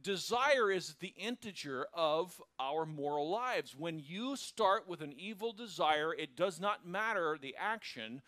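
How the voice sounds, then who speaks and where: A man preaching a sermon as pastor, telling stories with lively acted-out dialogue. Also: fairly high pitch, measured pace, hardly any pauses, dry recording. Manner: animated storytelling, acts out quoted characters.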